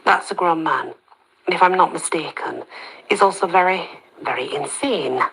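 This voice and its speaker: A woman narrating a story in the first person, soft-spoken and slipping into whispers. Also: low voice, normal speed, gravelly, breathy edge, low-quality recording.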